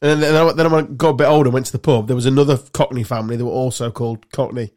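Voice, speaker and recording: A man's voice: medium pitch, steady tone, darkish tone. A man, co-hosting a casual podcast chat with banter and blunt asides. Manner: banterish, swearing, quick asides. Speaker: podcast co-host.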